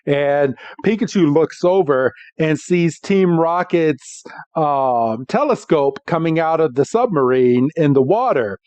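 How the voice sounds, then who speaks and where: A man with a slightly high voice talks slowly through a casual recap of a cartoon, laughing often and dropping into goofy character voices. The recording is dry with no room sound and sounds a bit dull, like a basic home podcast mic. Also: lively intonation, darkish tone, dry recording. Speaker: podcast co-host.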